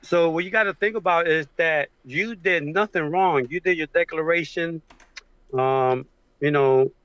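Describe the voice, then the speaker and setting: A man's voice: a little high, a bit bright, clean tone, no room sound. Emotional man on a dull call. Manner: emotional, halting, many fillers. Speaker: guest on a livestream. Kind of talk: casual supportive chat. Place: home with a train passing outside.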